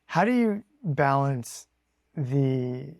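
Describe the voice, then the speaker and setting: Gravelly-voiced man co-hosting a podcast. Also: medium pitch, very animated, very slow, a little mellow, no echo, clean studio sound. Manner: probing, thinking aloud as he questions. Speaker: podcast co-host. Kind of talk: podcast interview.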